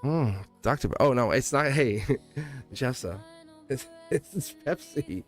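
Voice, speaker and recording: Taking it slowly, a man with a mid-range voice and lively intonation hosts a tarot livestream over faint background music. He is casual and rambling, often chuckling and restarting what he says.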